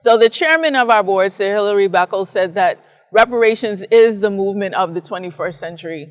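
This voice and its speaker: A woman from the Bahamas, a psychologist and professor, giving measured explanatory answers in an interview and often ending a point with a tag question. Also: mid-range voice, long reverb tail, highs cut off.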